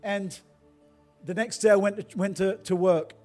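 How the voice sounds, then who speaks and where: A man's voice: sits high, fairly even intonation, unhurried, a little mellow, soft background music. A middle-aged male pastor preaching a sermon, telling personal stories and building to fervent calls to repent. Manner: storytelling, then builds to fervent exhortation.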